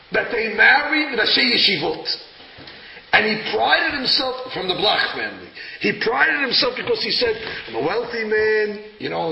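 A man teaching a lively religious lesson, acting out verses with sudden loud emphasis. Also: sits high. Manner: dramatic, acts out verses, bursts of loud emphasis. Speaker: rabbi teaching a class. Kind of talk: animated Torah lesson. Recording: echoey room, dull lo-fi sound with clear background noise.

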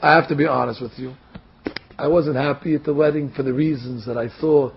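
A man's voice: mid-range voice, fairly even intonation, fairly quick, gravelly, breathy edge, voice pushed down. A man voicing an anxious humble young farmer who frets about being married off to a princess, complaining to himself. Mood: earnest. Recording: dull lo-fi recording.

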